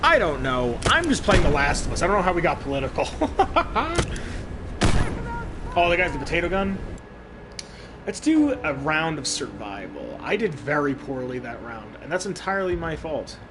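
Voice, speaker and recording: Talkative streamer man, slightly high voice. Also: very animated, a little fast. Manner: rambling, profane, thinks aloud with restarts. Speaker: game streamer. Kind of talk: casual live-stream chat while gaming. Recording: clear background noise.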